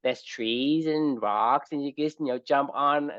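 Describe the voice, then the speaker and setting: A man's voice: medium pitch, a little slow, fairly bright tone, no room sound, highs cut off. A man co-hosting a podcast, explaining his view in casual chat with animal analogies and frequent "right?". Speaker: podcast co-host.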